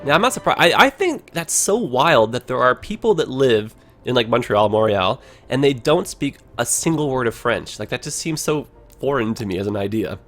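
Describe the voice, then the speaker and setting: Guy streaming a game, rambling casual chat, animated pitch, faint music underneath. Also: moderate pace. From Ontario, Canada. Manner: rambling, chatty, heavy use of "like". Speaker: livestream host. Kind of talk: casual game livestream commentary.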